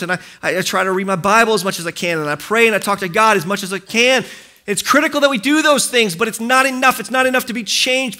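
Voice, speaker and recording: Man, sermon, high voice, bright tone, impassioned, acts out dialogue. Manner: impassioned, acts out quoted dialogue, repeats phrases for emphasis. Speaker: pastor. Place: church hall.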